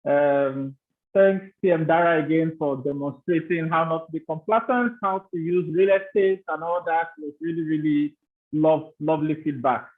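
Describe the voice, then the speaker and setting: A man with a fairly high voice hosts an online club meeting. He hands over to speakers in a friendly, loose way. His audio is tinny, like a phone line. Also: fairly even intonation, normal speed. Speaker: meeting host.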